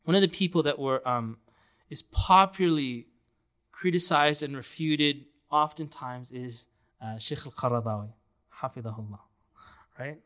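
A man's voice: mid-range voice, moderate pace, fairly bright tone. A man giving an earnest, emphatic sermon, with passages of the Quran chanted melodically. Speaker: Islamic preacher.

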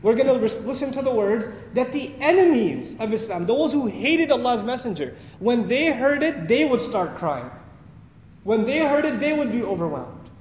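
High-voiced male preacher in an echoey hall. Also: normal speed. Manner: animated storyteller, acts out dialogue, laughs at own lines. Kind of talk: sermon storytelling. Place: mosque prayer hall. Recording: echoey hall with faint noise.

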